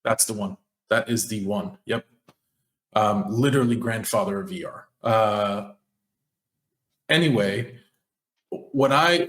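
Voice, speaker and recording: A man's voice: lowish voice, fairly bright tone. A man co-hosting a casual podcast chat, talking through his ideas with enthusiasm and lots of fillers. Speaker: podcast co-host. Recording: roomy echo.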